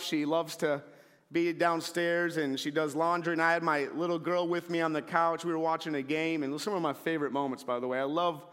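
Animated preacher in a reverberant hall. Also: male voice, fairly high pitch, smooth. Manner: animated storyteller, acts out shouting scenes. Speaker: pastor. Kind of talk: sermon. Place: church sanctuary.

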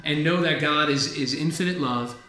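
Bright-voiced man, animated and candid. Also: a little high, normal speed, echoey room. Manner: animated, self-deprecating, casual swearing. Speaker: podcast co-host. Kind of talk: casual faith talk.

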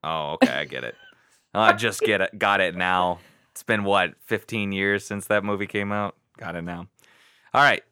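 A man co-hosting a podcast, chiming in with playful jokes and quick reactions. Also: low voice, sharp tone, smooth, no room sound, clean studio sound. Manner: joking, playful interjections. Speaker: podcast co-host. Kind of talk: casual movie chat.

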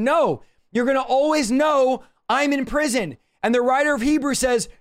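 A man's voice: very high-pitched, moderate pace. A man pastor, livestreaming a Bible teaching from his home office in an urgent, emphatic preaching manner.

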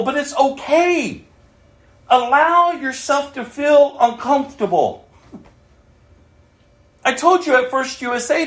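A man preaching a sermon, moving from loud calls to hushed, near-whispered asides. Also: very high-pitched, reverberant.

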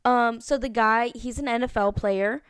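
A woman's voice: a little high, fairly even intonation, normal speed, clean tone, dry recording. Bubbly young woman, dry close sound. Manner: bubbly and exclamatory, teasing. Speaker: podcast co-host. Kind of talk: casual chat.

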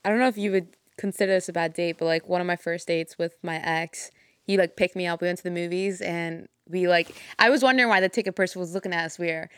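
Fast-talking young woman telling stories. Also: fairly low pitch, smooth, no echo. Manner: animated, swears freely. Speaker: guest. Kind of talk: casual storytelling.

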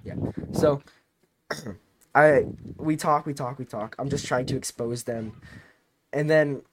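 A teenage man casually telling a long story on a podcast, rambling and animated, with many restarts. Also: mid-range voice, slow pace, background noise. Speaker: podcast co-host.

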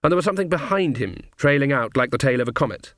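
A man narrating an audiobook in a measured, wry storytelling manner, recorded close to the mic. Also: medium pitch, expressive, a bit bright, no echo.

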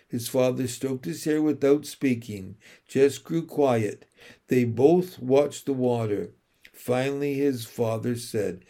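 A man narrating a children's novel in slow, deliberate, emotional storytelling. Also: mid-range voice, creaky, dark tone. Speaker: audiobook narrator.

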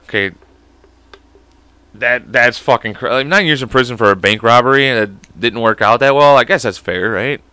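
A man's voice: medium pitch, moderate pace, sharp tone, clean tone, no echo. A man with an American accent hosting a comedy podcast, reading aloud with stumbles, swearing a lot and drifting off topic. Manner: profane, goofy, drifts off topic, puts on silly voices; stumbles over words while reading. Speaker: podcast host. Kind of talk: rambling comedic podcast monologue.

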